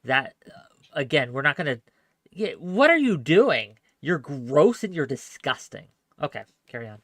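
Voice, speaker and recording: A man hosts a live call-in debate stream. He talks bluntly and with emphasis, and sometimes swears. His voice is a little high and bright, recorded dry and close to the mic. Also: big pitch swings, normal speed, no room sound.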